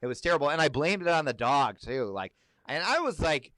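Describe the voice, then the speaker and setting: A man's voice: a little high, big pitch swings, brisk, fairly bright tone, no room sound. A man co-hosting a casual podcast, telling self-deprecating, profane stories. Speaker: podcast co-host. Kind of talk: casual chat.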